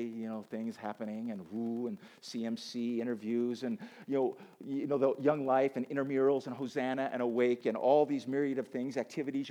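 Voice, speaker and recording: A man giving a conversational, animated sermon to a college audience, using casual asides and self-deprecating humor. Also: mid-range voice. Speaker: campus chapel speaker. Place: college auditorium with a live audience.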